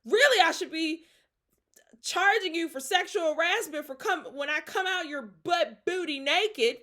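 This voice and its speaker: A young woman hosting a podcast, telling a story in a lively, dramatic way with slang and frequent laughter. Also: extremely high pitch, unhurried. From Atlanta. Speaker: podcast host. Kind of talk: casual storytelling.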